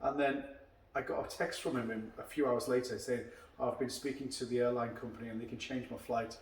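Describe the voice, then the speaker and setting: Over a beer, this medium-pitched karate instructor hosts a relaxed podcast chat, speaking briskly and winding through long stories while voicing the people he quotes. The mic is distant, the room echoes, and there's a little hiss or hum.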